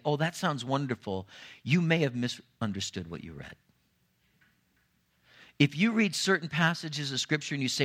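A man preaches to his congregation in a mid-range voice. He drops to low, quiet asides and then climbs to raised, emphatic lines. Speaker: pastor. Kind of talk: sermon.

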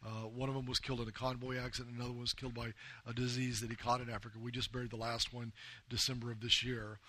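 Fast, bright-voiced missionary man. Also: mid-range voice, little pitch movement. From United States. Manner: earnest storytelling, often addressing the listeners as "guys". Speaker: missionary speaking to a men's group. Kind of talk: personal testimony talk.

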